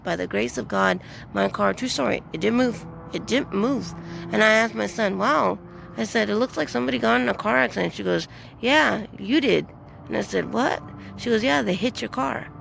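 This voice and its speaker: A woman's voice: fairly low pitch, vocal fry, a little hiss or hum. A woman rambling through a casual vlog outdoors, telling her story in a chatty way with lots of fillers. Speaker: vlogger.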